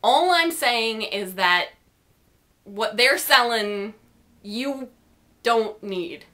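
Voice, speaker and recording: Young woman, vlogger, rambling snarky storytelling, high lively voice, bright tone. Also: very slow. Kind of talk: casual storytelling to camera.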